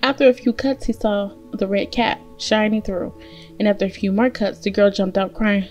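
A woman reading a fairy tale aloud as storyteller, gentle and steady. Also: mid-range voice, normal speed, faint music behind.

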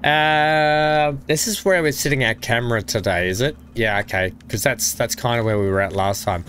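A man's voice: medium pitch, normal speed, a bit bright, a little hiss or hum. A man chatting casually on a live game stream, greeting viewers by name and poking fun at himself. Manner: chatty, self-deprecating, talks to chat by name. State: coughing, something in throat. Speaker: gaming streamer.

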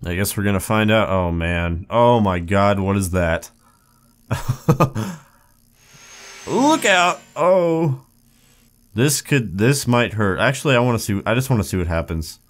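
A man's voice: deep voice, brisk, few pauses. A young man casually commenting on a video game as he plays, yelping and laughing at the mishaps and cracking wry jokes. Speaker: gaming YouTuber. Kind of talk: casual let's play commentary.

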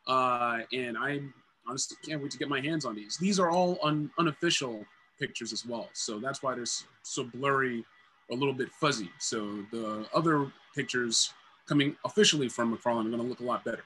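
A man co-hosting a casual toy podcast who explains things in a measured, informative way, often pausing on "uh" and "um". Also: mid-range voice, sharp tone, slight background noise, poor audio. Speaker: podcast co-host. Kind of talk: casual chat.

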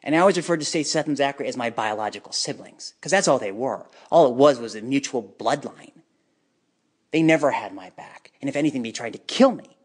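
A man tells his own life story in an unscripted, personal monologue. His medium-pitched voice is expressive, bitter and emotionally charged, and he halts at times.

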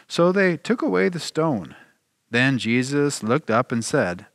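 Bright-voiced man preaching a sermon. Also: medium pitch, lively intonation, dry recording, clean studio sound. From United States. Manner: earnest, emphatic preaching with slowed key phrases. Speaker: pastor. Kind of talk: sermon with scripture reading.

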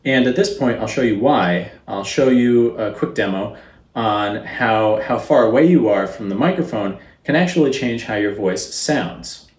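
A man teaching how to record a voice, explaining calmly in a closet set up as a recording booth and speaking into a studio microphone. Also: fairly low pitch, a little slow, roomy sound. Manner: calm, explanatory, demonstrating as he goes. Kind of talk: instructional tutorial.

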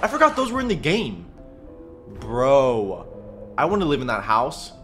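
A man giving casual reaction commentary on a cartoon, excitable and slangy, laughing often. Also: medium pitch, measured pace, faint music behind.

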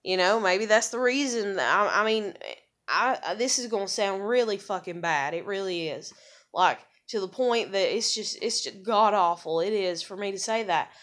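An American woman ranting in a vlog, angry, profane and rambling, her voice jumping high when heated. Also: normal speed, fairly bright tone. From USA. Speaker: vlogger. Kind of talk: ranting monologue.

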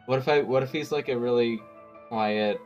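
A man's voice: medium pitch, moderate pace, darkish tone, dull audio, faint music behind. A man chatting casually with viewers and his co-host during a game stream. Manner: casual, chatty, fillers and restarts.

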